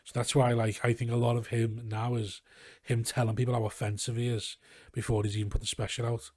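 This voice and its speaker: A man's voice: medium pitch, level tone, fairly quick, darkish tone, dry recording, clean studio sound. A man from Liverpool with a Scouse accent, a comedian chatting casually as a podcast guest, rambling and swearing freely. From Liverpool, England. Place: garage studio.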